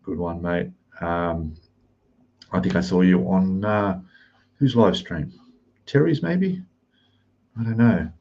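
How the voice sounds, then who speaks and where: Low-voiced Australian man hosting softly. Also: slow pace, pauses often, muffled recording. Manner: relaxed, greeting chat members one by one; speaking softly, keeping voice down. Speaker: live stream host. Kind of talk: casual live stream chat. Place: rented room in Thailand.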